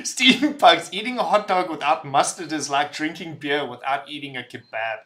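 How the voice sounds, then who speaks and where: A young man hosting a casual livestream, reading chat messages aloud, loud and rambling, laughing and swearing as he talks. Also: on the high side. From visitor to the UK.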